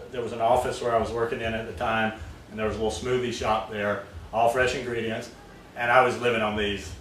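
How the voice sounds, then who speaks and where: A man's voice: medium pitch, fairly bright tone, a little hiss or hum. A man chatting casually as a vlogger at his home, rambling and full of fillers. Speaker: vlogger making smoothies. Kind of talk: casual chat. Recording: roomy, distant mic, faint ambience.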